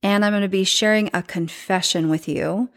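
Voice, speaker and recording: A woman hosting her own podcast, talking unscripted in an earnest, emotional way with lively jumps in pitch. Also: moderate pace. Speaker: podcast host. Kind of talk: unscripted solo podcast talk.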